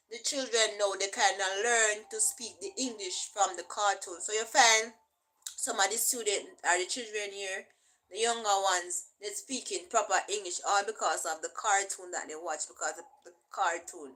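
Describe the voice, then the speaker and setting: A woman's voice: medium pitch, fairly even intonation, moderate pace, pushed and bright, low-quality recording. A young Jamaican woman vlogger explaining things in a casual, chatty way and often checking in with "right?".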